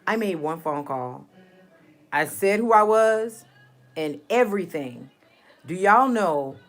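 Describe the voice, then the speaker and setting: A woman vlogger talks to her viewers in a casual personal vlog, heartfelt and rambling, repeating herself for emphasis. Her voice is medium in pitch and a bit bright.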